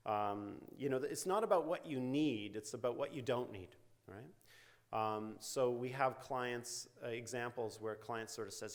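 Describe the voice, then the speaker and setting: A man's voice: mid-range voice, measured pace. A middle-aged man giving an academic lecture in a university hall, talking loosely with fillers and "right?" tag questions. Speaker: invited lecturer, psychology researcher. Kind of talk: academic lecture with quoted therapy examples.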